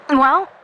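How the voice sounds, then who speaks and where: A woman's voice: sharp tone, a little hiss or hum. A woman voicing a hot-tempered, lonely teen girl fire master, chatting in a voice-note monologue and answering her own questions. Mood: sad.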